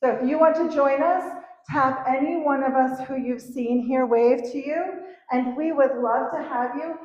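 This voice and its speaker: A woman's voice: high-pitched, moderate pace, a little mellow. A woman organizer speaking at a community town hall, upbeat and joking as she rallies the crowd. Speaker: local organizer. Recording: roomy, dull hall sound.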